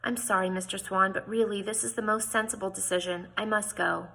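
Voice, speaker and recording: A woman voicing a proper, stubborn young lady whose voice rises high when upset. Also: fairly even intonation, a little fast, gravelly, bright, forceful tone. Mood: pleading. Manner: pleading, raises her voice in upset.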